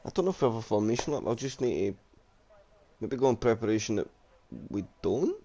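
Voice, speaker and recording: A man's voice: medium pitch, sing-song, brisk, dark tone. A man, commentating a sim racing league stream in a casual, jokey way, reading out chat comments and calling the grid. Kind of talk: casual live race commentary.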